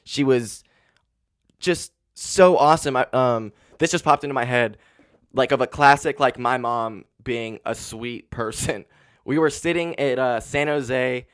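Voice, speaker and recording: A man's voice: medium pitch, a little slow, clear, resonant tone, no room sound. A man in his twenties talks alone into a handheld podcast mic, his mid-range voice dry and close. He is candid and heavy with grief, swears often, and leans on "like" and "um" as he talks. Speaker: podcast host. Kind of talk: casual solo podcast monologue.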